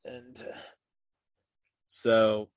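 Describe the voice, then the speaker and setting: A man's voice: drawn-out words, no room sound. A young man co-hosting a podcast, rambling in casual chat with lots of "like" and "uh" fillers. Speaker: podcast co-host.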